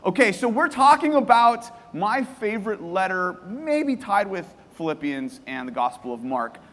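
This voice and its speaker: A man preaching a sermon to a congregation, lively and joking, asking them questions and repeating their answers. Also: high voice, unhurried, in a large hall. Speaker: pastor. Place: church hall.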